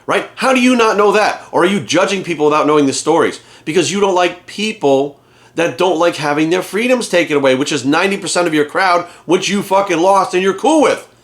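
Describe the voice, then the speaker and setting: A man's voice: high-pitched, lively intonation, a little fast. A man, a fitness coach hosting his channel, delivers a heated, profane rant full of rhetorical questions. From United States. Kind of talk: angry rant to camera.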